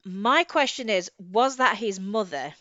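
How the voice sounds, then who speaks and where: A woman co-hosting a casual book discussion, chatty and quick to laugh, often trailing off and restarting. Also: medium pitch, lively intonation, pushed and bright, no echo. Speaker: podcast co-host. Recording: slightly dull lo-fi audio.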